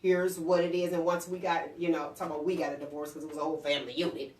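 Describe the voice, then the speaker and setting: A woman hosting a casual talk show, telling lively stories about her children and acting out their lines. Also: deep voice, rapid-fire, recorded from a distance. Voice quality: lively storyteller, acts out quotes. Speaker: host. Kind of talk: casual chat. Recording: roomy, off-mic.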